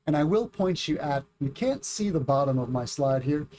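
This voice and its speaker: Slowly and clearly, a middle-aged American man drills pronunciation during a casual livestreamed English lesson while reading the chat. He speaks animatedly, with a voice on the high side.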